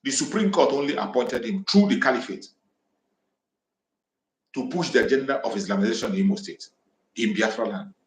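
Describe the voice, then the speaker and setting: A man's voice: mid-range voice, expressive, brisk, long pauses. A man from southeastern Nigeria, making fiery, repetitive, defiant declarations as he hosts an impassioned livestream address on a home microphone. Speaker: activist livestream host. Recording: echoey room.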